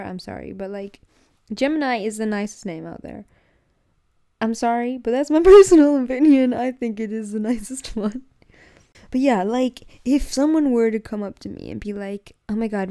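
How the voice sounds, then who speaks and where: Rambling young woman podcast host, mellow voice. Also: mid-range voice, vocal fry. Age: young adult. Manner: rambling, animated, laughs often, frequent "like" and "dude". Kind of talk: casual solo podcast rant.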